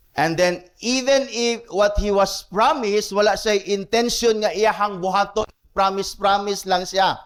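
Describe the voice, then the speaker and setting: A man with a Cebuano Filipino accent preaching a sermon as pastor, mixing English and Cebuano and repeating key phrases for emphasis. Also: high voice.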